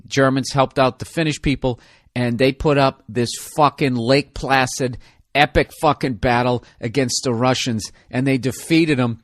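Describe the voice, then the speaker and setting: A man's voice: medium pitch, no echo, studio quality. A man hosting a podcast, riffing in a rambling, profane, self-mocking comedic monologue. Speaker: podcast host.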